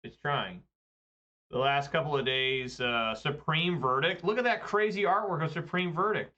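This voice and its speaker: A man with a bright, slightly tense voice chats through his card game, rambling into side stories and cursing when things go wrong. The recording sounds a little dull and muffled. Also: on the high side, moderate pace. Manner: rambling, profane, chatty asides. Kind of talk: casual gameplay commentary.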